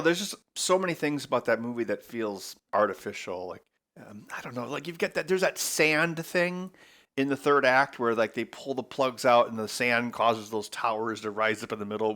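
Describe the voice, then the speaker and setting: A man's voice: medium pitch, fairly bright tone. A man hosting his own channel, giving a casual, rambling movie review and acting out quotes in mock voices. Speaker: host.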